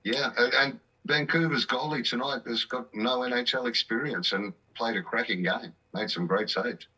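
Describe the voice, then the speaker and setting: Husky Australian man, bright tone. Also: medium pitch, moderate pace, highs cut off. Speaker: guest comedian. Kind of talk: casual podcast chat.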